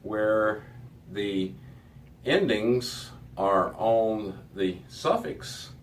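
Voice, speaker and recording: Slow, low-voiced man teaching a class. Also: lively intonation, recorded from a distance, slight background noise. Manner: slow, patient explaining with many fillers. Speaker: Hebrew teacher. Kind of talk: classroom lesson.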